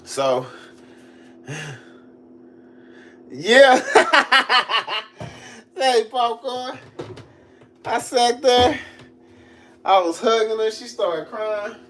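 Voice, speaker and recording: A man's voice: extremely high pitch, expressive, drawn-out words, long pauses, a bit bright, a little hiss or hum. A young man on a livestream telling a personal story in a casual way, laughing often and acting out the voices he quotes.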